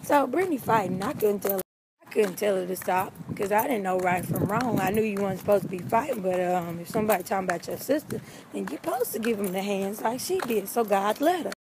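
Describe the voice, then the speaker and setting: A young woman in an animated, comic telling of a childhood story, talking straight to her listeners. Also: medium pitch, brisk, background noise. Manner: animated, talks straight to the audience.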